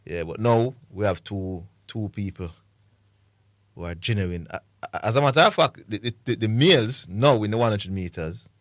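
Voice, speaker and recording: A man's voice: fairly low pitch, normal speed, no room sound, studio quality. A man with a Jamaican accent co-hosting a sports radio show, giving emphatic opinions in a laid-back, casual way.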